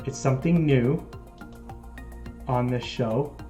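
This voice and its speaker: A man's voice: medium pitch, slow pace, mellow, soft background music. A man with a Canadian accent hosting a casual live stream, chatting and reading out viewer comments. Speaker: model railroad live-stream host.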